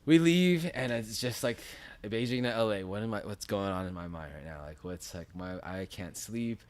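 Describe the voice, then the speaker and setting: Lively low-voiced man telling a story. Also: normal speed. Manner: animated, acts out quotes with big jumps in pitch. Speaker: podcast guest. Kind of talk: casual storytelling.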